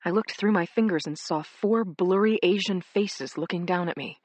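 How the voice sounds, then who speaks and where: A woman narrating a first-person crime thriller audiobook in a measured, dramatic way. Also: lowish voice, a little mellow, dry recording.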